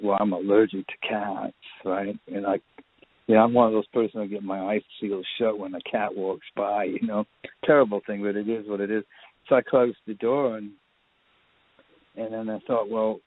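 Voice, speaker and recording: A man, a filmmaker guest, telling rambling anecdotes in a casual interview. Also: fairly low pitch. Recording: tinny phone line.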